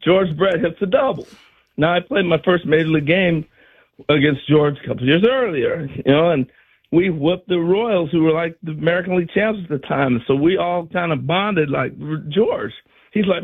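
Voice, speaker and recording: Older man, husky voice, lively pitch, dull lo-fi recording, animated storytelling. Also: normal speed. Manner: animated, acts out quotes with laughs. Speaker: former baseball player, guest. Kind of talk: storytelling on a talk show. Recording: dull lo-fi sound.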